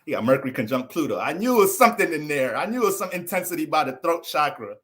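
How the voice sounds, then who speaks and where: Animated, foul-mouthed male astrologer. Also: fairly high pitch, quick pace. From United States. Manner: profane, joking, animated. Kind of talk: casual livestream rant.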